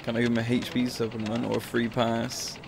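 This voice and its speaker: A man's voice: mid-range voice, monotone, fairly quick, creaky, background noise. A man giving casual, profane and jokey commentary while playing a video game. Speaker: gameplay commentator. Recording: game music playing behind the voice.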